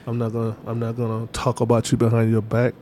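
A man chatting casually as an interview guest. He talks quickly in loose slang, full of fillers and restarts. His voice is dark and mellow, over a faint low rumble. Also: monotone. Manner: loose, repetitive street slang with many fillers. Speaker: interview guest, artist manager.

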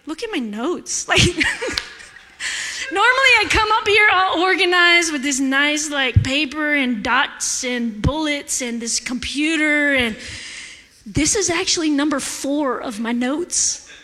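Bright-voiced woman preaching in an echoey hall. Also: high voice, unhurried. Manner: candid, animated, laughing often. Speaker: guest preacher. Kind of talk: sermon. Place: church sanctuary.

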